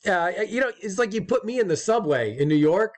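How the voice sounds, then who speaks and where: A man's voice: sits high, a little fast. A man co-hosting a casual movie chat, rambling and profane, tripping over repeated words. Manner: loose, profane, rambling with restarts; stumbling repeats when excited. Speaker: co-host.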